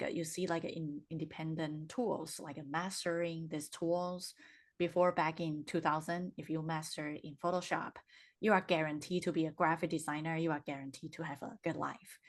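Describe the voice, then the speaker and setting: Hesitant low-voiced woman host. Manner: hesitant, searching for words. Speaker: podcast host. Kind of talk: casual interview chat.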